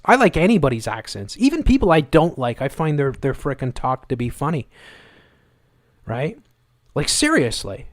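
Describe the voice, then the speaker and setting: A man rants through a live commentary stream, angry and sarcastic, and he circles back to the same phrases again and again. His voice sits a little high for a man. It is picked up on a close, dry mic with almost no room sound. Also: sing-song, moderate pace, dry recording. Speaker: livestream host.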